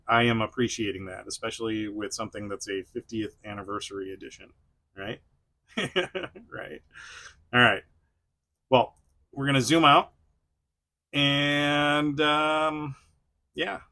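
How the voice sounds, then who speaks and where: Man, toy reviewer, casual chat, rambling, chuckling, bright tone, slow pace. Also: medium pitch. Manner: rambling, chuckling, many fillers.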